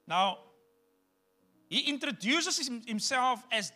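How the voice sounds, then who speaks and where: Pastor, male, high and very bright voice; preaches emphatically and talks right to the congregation. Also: expressive, normal speed, faint music behind. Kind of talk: sermon.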